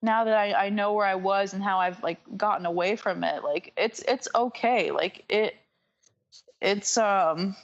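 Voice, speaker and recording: A woman's voice: mid-range voice, dull audio. Southern-accented woman rambling on a podcast. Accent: Southern US (North Carolina). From North Carolina, USA. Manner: rambling and halting, full of "like" and "um". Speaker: podcast guest. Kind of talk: casual podcast chat.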